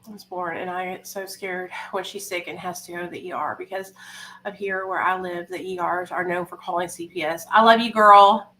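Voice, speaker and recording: Bright-voiced woman hosting a livestream. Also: lowish voice, flat delivery, a little fast, slight background noise, poor audio. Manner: emotional, candid, rambling with fillers. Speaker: livestream host. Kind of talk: casual livestream talk.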